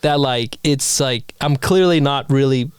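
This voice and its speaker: Smooth-voiced male podcast host. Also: medium pitch, no echo. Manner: relaxed, full of fillers and quick reactions. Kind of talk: casual podcast chat.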